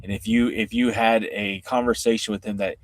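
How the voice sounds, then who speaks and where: A man's voice: fairly low pitch, steady tone, a little fast, no room sound. A man hosting a casual interview, agreeing often and reflecting on what the guest said. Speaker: interview host.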